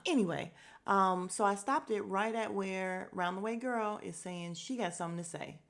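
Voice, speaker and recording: A woman hosting a podcast, giving a blunt, opinionated recap of a reality show, swearing freely and quickly acting out the cast's lines. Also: mid-range voice, creaky. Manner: acts out cast members' lines in quick asides. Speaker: podcast host.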